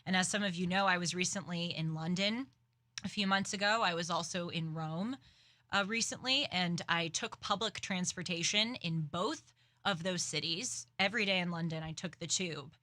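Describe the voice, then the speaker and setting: Bright, animated young woman host. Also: lowish voice, normal speed, no echo. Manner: animated storytelling, dramatic, self-aware. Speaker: commentary show host. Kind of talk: casual political commentary.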